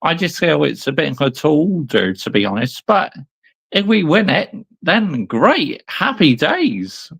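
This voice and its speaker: A man chatting casually about a football match as a co-host, giving measured, laid-back opinions. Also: on the high side, very animated, gravelly, a bit bright, breathy edge.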